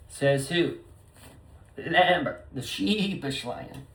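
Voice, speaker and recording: Slow-talking profane rambling man. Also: medium pitch. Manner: profane, stream-of-consciousness wordplay. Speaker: vlogger. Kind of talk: rambling solo monologue.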